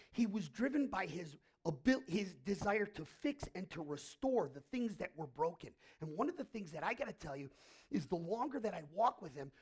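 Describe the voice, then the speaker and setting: A man preaching a sermon as pastor, dropping to hushed asides and rising to loud, drawn-out declarations. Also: sits high, vocal fry, slightly rough.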